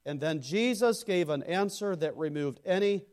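A man preaching a sermon to a congregation. He builds to loud emphatic phrases, then drops into quiet, low asides, and addresses listeners by name. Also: expressive, normal speed. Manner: speaks to congregation members by name. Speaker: pastor.

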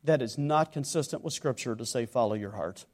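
A man preaching a sermon, moving between loud exhortation and hushed earnest tones, acting out imagined questioners and their replies. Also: medium pitch, fairly quick.

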